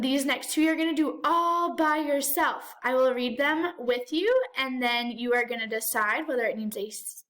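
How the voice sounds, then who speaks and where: A woman's voice: high voice, fairly bright tone. A woman teacher giving a remote lesson to young children, talking directly to them in an encouraging, sing-song way.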